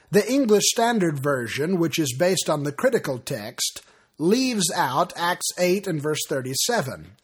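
A middle-aged man, a preacher, giving a scripted teaching talk in a measured, explanatory way, slowing down for quoted examples. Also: a little high, slightly rough. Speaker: preacher teaching on Bible translation.

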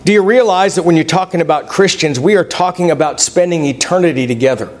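A middle-aged man preaching a folksy sermon, reading scripture aloud and telling personal stories. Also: quick pace. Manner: folksy, reads scripture aloud, pitch swings widely between points.

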